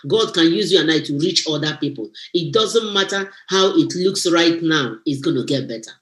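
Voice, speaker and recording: A woman giving an animated, preachy motivational testimony on a live stream, exclaiming and teasing as she talks. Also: low voice, moderate pace, reverberant. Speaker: guest speaker.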